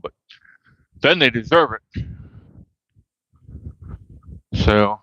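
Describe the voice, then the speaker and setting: Out in the cold wind with his phone at arm's length, this male vlogger swears his way through an angry rant to his livestream, speaking in a casual, folksy way full of "y'all." His voice is on the high side and bright with a forceful edge, at a normal speed with long pauses. There's no echo, but the highs are cut off.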